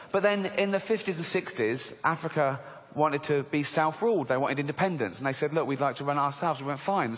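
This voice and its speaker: An English man in his forties doing a mocking, animated stand-up comedy routine on a theatre stage. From England. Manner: animated, mocking, slips into squeaky put-on voices. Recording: live hall with reverb and crowd.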